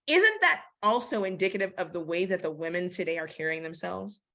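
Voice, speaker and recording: Woman teaching Bible study, casual and slangy, acts out the verses, bright and forceful. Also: on the low side, a little fast. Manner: lively and slangy, acting out the verses she quotes.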